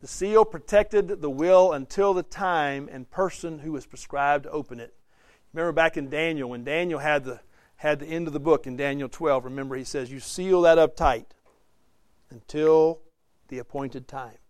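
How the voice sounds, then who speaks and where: A man's voice: fairly high pitch, moderate pace, no echo. A man teaching a Bible class, conversational, quizzing his listeners and acting out the quotes he reads. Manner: conversational, asks the class questions, acts out quotes. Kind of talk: interactive Bible study teaching.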